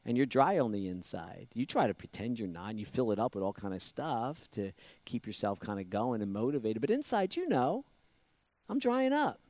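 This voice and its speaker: A man preaching a conversational sermon, repeating phrases and asking the listeners questions, swinging from loud emphasis to hushed asides. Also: mid-range voice, very animated, moderate pace, no room sound. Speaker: pastor.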